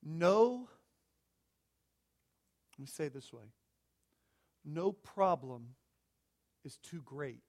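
Male preacher, high-pitched voice, emphatic sermon delivery, hushed to loud swings, repetitive rhetorical phrasing. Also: sing-song, very slow, long pauses.

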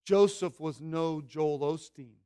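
High-pitched preaching man, emphatic. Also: clean tone. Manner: emphatic preaching, swinging from loud slow declarations to quiet low asides. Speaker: pastor. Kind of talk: sermon.

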